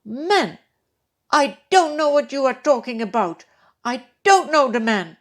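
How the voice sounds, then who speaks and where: Woman reading a scared guy in a kids bible story, loud and pushy denials, voice jumps around a lot. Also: sits high, sing-song, measured pace, voice pushed up, exaggerated voice. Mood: defensive. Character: frightened grown man denying a friend.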